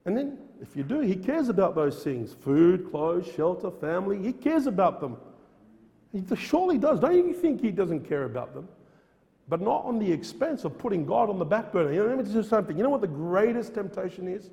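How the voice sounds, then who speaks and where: A man delivers a sermon with earnest insistence, circling back on his key phrases and reading scripture in its old wording. His voice is high for a man yet mellow in tone. It rings through a church with a long, lingering reverb. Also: very animated, brisk, dull audio. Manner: earnest, repeats phrases for emphasis, with frequent restarts; quotes King James scripture aloud. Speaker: preacher.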